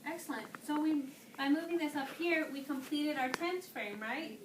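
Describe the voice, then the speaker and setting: A woman teacher with a high voice leads a class, asking questions and praising answers. She is recorded from across an echoey classroom. Background noise is clearly audible. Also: normal speed, far from the mic. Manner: encouraging, questioning, praising students.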